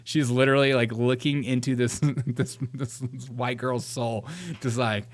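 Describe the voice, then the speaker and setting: A man's voice: medium pitch, level tone, unhurried. A man from Georgia hosting a reaction show, mocking news clips and laughing often as he walks. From Georgia, USA. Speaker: host. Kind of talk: reaction commentary.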